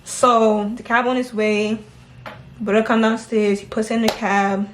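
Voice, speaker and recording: A woman telling a story in casual chat, animated and laughing as she acts out what others said. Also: fairly high pitch, a little slow, slight background noise. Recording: echoey room.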